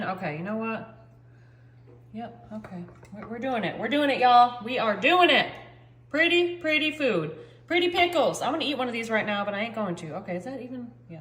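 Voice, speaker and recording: A woman's voice: on the high side, fairly bright tone, roomy sound, a little hiss or hum. A woman hosting a cooking channel, chatting casually to the camera as she cooks in her home kitchen. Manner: chatty and bubbly, says y'all often.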